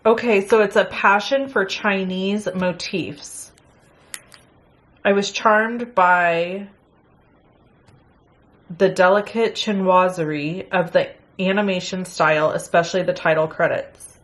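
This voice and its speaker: A middle-aged woman casually chatting through a crafting unboxing, excitable and gasping at pretty pieces. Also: on the low side, slow, long pauses. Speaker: crafting channel host.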